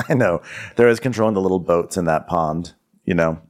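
A man's voice: sits low, moderate pace. A man co-hosting a podcast, recapping a reality show in chatty, joking talk full of "like". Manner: chatty, lots of "like", acts out quotes. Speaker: podcast co-host. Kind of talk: casual comedic recap chat.

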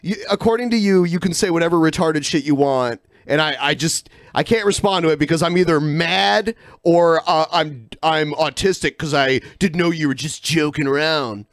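A man's voice: fairly high pitch, moderate pace, hardly any pauses, dry recording, studio quality. A man co-hosting a podcast in loose comedic banter, now and then mocking trolls in a whiny put-on voice. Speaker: podcast co-host.

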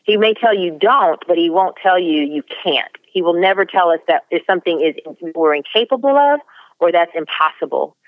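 A woman's voice: lowish voice, animated, normal speed, phone-quality sound. A woman author speaking as a guest, earnest and emphatic in a faith-based motivational talk, sometimes stumbling into repeated words.

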